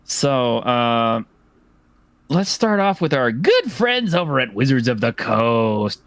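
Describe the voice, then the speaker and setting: A man's voice: mid-range voice, big pitch swings, slow, fairly bright tone, dry recording. A man hosting a casual chat who reads out donations in a jokey, rambling, teasing way. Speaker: host.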